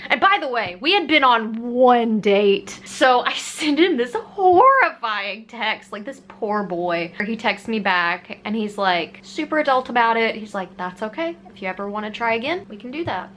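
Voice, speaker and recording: Bright, animated young woman telling a story. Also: a little high, moderate pace, few pauses, a little hiss or hum. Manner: animated, candid, swears casually and laughs at herself. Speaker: vlogger. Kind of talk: personal storytelling to camera.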